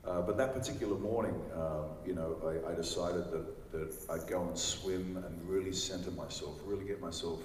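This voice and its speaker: A low-pitched man in his forties tells rambling, chatty stories to a live crowd and acts out what other people said. His voice carries a long hall reverb. It sounds like it was recorded from far back with some faint noise underneath. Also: steady tone, normal speed, hardly any pauses, darkish tone. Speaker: celebrity panel guest. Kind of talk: anecdotal storytelling to a live audience. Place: large convention hall.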